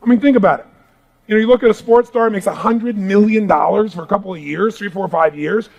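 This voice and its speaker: A man's voice: sits high, brisk, gravelly, a little mellow, dull audio. A man giving an emphatic motivational talk to a live audience in a large room, calling for responses from the crowd. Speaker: motivational speaker.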